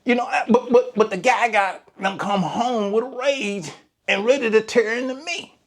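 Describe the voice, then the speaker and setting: A man's voice: sits high, moderate pace. A man, a lawn care business owner, telling a story in a casual, colloquial vlog. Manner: animated storyteller, Southern colloquial speech.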